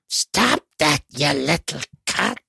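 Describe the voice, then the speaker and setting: Gravelly cartoon mom from a man, nagging and drawn out, bright edge to the rasp. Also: fairly high pitch, big pitch swings, slow, no echo, clean studio sound, pitched above the performer's own voice, exaggerated voice. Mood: scolding. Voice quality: raspy, gravelly. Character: gravelly-voiced cartoon housewife, middle-aged woman. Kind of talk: comic impression in casual chat.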